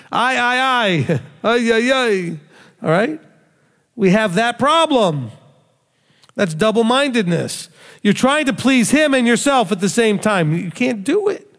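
A man delivering a lively sermon as a rabbi, laughing now and then and acting out voices as he speaks. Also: high voice, big-room sound. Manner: animated preaching, laughs often, acts out voices.

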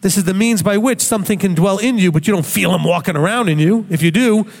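A man's voice: high-pitched, fast talker, creaky, in a large hall. A man giving a Bible study talk in a conversational teaching manner, tossing in rhetorical questions.

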